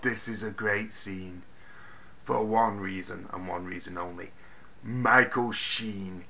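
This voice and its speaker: A man giving a casual spoken film review, animated and ranting, swinging from mutters to loud bursts and swearing freely. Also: on the low side, slow pace, vocal fry. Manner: swears freely, exasperated rants.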